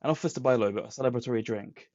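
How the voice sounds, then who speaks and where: A man's voice: mid-range voice, racing, a little mellow. A man co-hosting a podcast, casually recapping a comic plot with put-on quotes. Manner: retells plots with put-on quotes. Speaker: podcast co-host. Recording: dull lo-fi sound.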